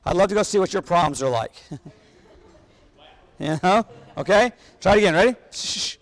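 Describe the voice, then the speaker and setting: A band clinician conducts a wind band rehearsal in a large hall, energetically coaching the players and singing rhythms on syllables, with long hall reverb on the recording. His voice sits high, with lively intonation at a normal speed.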